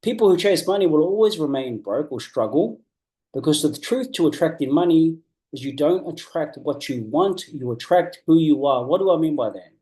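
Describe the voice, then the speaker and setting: Brief: New man, business coach, slightly high mellow voice, earnest and emphatic. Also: animated. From New Zealand. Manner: earnest and emphatic, repeats key phrases, slows down to stress points. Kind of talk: motivational coaching talk.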